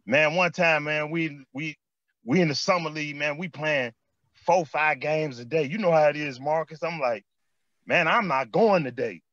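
Animated Chicago man telling street stories. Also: on the high side, normal speed, dry recording, lo-fi sound. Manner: animated street storytelling, repeats phrases and says "man" often. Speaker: former basketball player, guest. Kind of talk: storytelling interview chat.

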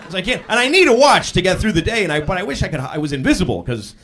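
A man doing a stand-up set on a club stage, telling stories and breaking into loud yells for punchlines, with the audience laughing behind him. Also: high-pitched, very fast, a little hiss or hum. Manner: animated storytelling, bursts into loud yells for punchlines. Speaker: stand-up comedian.

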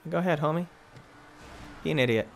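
A young man hosting a gaming channel, giving excitable live commentary that swings from muttering to yelling, trash-talking other players. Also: on the high side, brisk, vocal fry, background noise.

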